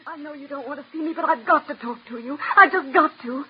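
An actress playing a desperate, tearful young aspiring actress in a 1940s radio drama, pleading with a breathless, emotional delivery. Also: female voice, high voice, fast, a little hiss or hum, natural voice. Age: young adult. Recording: muffled old radio recording.

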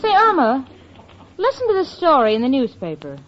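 An actress playing a sensible young working woman in a 1940s radio comedy, brisk and patient. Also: sits high, wildly swooping pitch, over a noisy crowd, very noisy. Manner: brisk, patient, slightly stammering. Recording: lo-fi old radio recording.

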